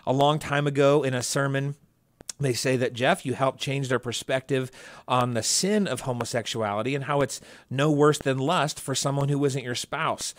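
A man's voice: medium pitch, fairly even intonation, moderate pace, no room sound. Man, podcast host, upbeat and chatty, dry close-mic sound. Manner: upbeat, laughs easily, many fillers. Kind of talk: casual podcast chat.

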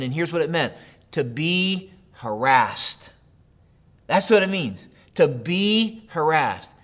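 A man's voice: a little high, a bit bright. A male pastor preaching a sermon, talking straight to his listeners, asking questions and repeating key phrases.

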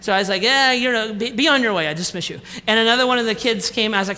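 A man preaching a sermon, telling a comic family story with acted-out dialogue, then slowing down for the lesson. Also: sits high, bright, forceful tone. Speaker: pastor. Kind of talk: sermon with a humorous personal story. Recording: reverberant hall with faint room noise.

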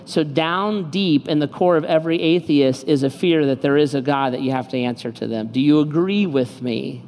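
A man's voice: on the high side, normal speed, hardly any pauses, a little mellow, a little hiss or hum. A man preaching a sermon as a pastor, conversational and joking, telling personal stories and asking rhetorical questions. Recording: reverberant hall, faint background ambience.

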